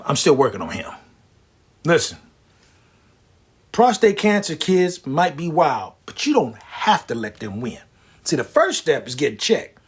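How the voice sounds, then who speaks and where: Husky man, animated comic storyteller. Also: on the high side, measured pace, long pauses. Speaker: comedian and prostate cancer survivor. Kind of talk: stand-up comedy monologue.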